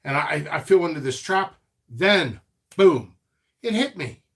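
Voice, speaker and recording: Guy on a live stream rambling about his seed biz, kinda high voice, lots of restarts. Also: measured pace, slightly rough. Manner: rambling, animated storytelling with many restarts and asides.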